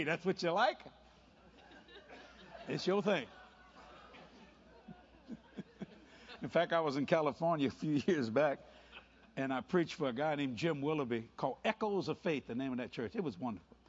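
Older male preacher, playful storyteller, slightly high husky voice. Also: some chatter behind. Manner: animated and playful, doing quick voices in anecdotes, laughing. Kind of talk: sermon mixed with storytelling. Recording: dull lo-fi sound.

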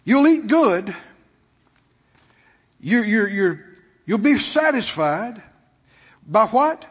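A man's voice: high-pitched, sing-song, extremely slow, breathy edge, in a large hall, highs cut off. A man pastor preaching a sermon, prodding his congregation with rhetorical questions and call-and-response.

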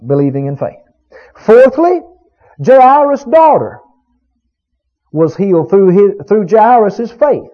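A man's voice: sits high, big pitch swings, measured pace. A man preaching a sermon, emphatic and full of rhetorical questions to his congregation. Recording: dull lo-fi recording.

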